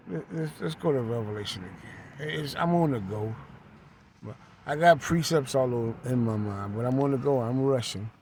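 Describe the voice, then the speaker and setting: A man's voice: mid-range voice, darkish tone, slight background noise. A man preaching a fervent sermon while on the move, repeating phrases and tagging lines with "right?". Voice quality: repetitive, emphatic, tags lines with "right?". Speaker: street preacher.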